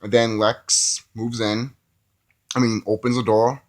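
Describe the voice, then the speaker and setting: A man's voice: medium pitch, flat delivery, unhurried. A man giving a casual, rambling movie review who often laughs at his own jokes.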